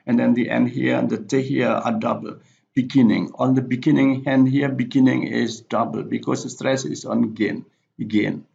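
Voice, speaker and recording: A male teacher giving a recorded slide lecture, halting with frequent fillers and self-corrections. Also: medium pitch, vocal fry, a little mellow. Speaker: English teacher. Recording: dull lo-fi recording.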